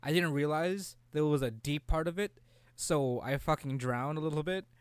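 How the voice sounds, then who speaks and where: A young man in casual, profane chat about a video game, rambling and breaking into quick character voices. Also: on the high side, clean tone, no room sound.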